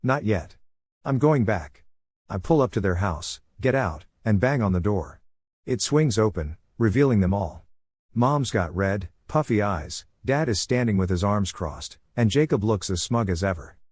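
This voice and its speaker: A man narrating a first-person story in a steady, even reading voice, recorded close. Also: fairly low pitch, normal speed, no echo.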